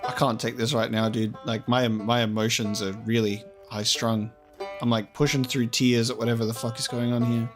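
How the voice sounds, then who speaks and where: An excitable man talks through a video game as he plays, reacting loudly with exclamations and frequent swearing. His voice sits at an ordinary middle pitch. Game music plays clearly behind him. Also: normal speed. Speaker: gaming streamer. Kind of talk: casual let's play commentary.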